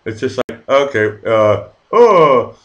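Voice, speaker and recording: A man's voice: medium pitch, big pitch swings, slow, fairly bright tone, highs cut off. A man hosting a casual live-stream interview, hesitant and full of fillers, swearing casually. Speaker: host.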